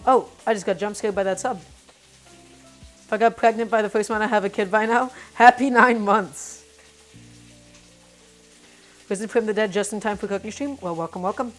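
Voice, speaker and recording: A woman's voice: medium pitch, fairly even intonation, fast. A woman hosting a casual cooking live stream, talking through each step and greeting her viewers by name. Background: faint music and sizzling pan.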